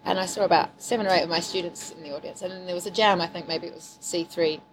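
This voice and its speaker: A woman's voice: lowish voice, steady tone, fast talker, background noise. An Englishwoman who teaches improv, chatting casually with fillers and frequent laughs. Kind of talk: casual chat.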